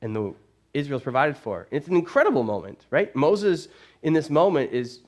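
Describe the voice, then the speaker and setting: Animated male pastor telling a story. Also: on the high side, moderate pace. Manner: animated storytelling, casual phrasing. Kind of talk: sermon. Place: church.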